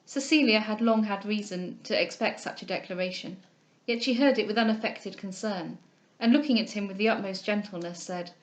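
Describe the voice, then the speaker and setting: A woman reading a classic novel aloud in a clear, measured narrating voice. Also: medium pitch, low-quality recording. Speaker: audiobook reader.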